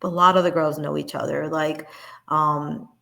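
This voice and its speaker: A woman in her thirties chats casually as an interview guest. Her voice sits a little low, and she rambles along with plenty of filler words between her thoughts. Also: little pitch movement, normal speed, gravelly, fairly bright tone. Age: 30s. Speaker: guest, pinup model.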